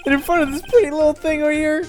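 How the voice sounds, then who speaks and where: A woman doing a brash, loud young guy. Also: sits high, very fast, faint music behind, voice pushed up, natural voice. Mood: excited. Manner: loud, stammering, excitable.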